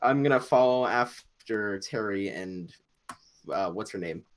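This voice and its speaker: A man playing in a tabletop game, casual and quick to laugh. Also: on the low side, background noise. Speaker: player.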